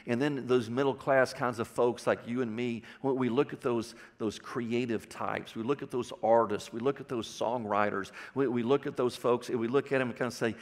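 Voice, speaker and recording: A man's voice: mid-range voice, steady tone, moderate pace, few pauses, big-room sound. A man with a Texan accent preaching a sermon, telling stories in a folksy way and putting questions to the congregation. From Texas. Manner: folksy storytelling with audience questions. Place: church sanctuary.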